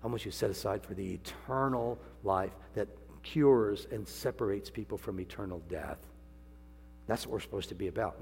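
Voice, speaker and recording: An older man preaching a sermon in a folksy, joking way, swinging from quiet asides to loud, high exclamations. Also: moderate pace, creaky, slightly rough. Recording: long hall reverb, faint hum.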